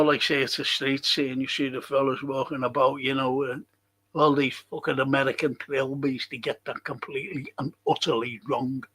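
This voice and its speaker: Slow, grumbling older English host. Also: male voice, mid-range voice, sharp tone, breathy edge. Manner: grumbling, swears a lot, moaning. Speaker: livestream host. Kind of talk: casual live chat reading viewer comments.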